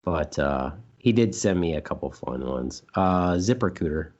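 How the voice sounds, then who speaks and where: A man's voice: low-pitched, animated, a little slow, darkish tone, lo-fi sound. A man co-hosting a casual podcast chat, rambling and joking, now and then repeating silly words in put-on voices. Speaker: podcast co-host.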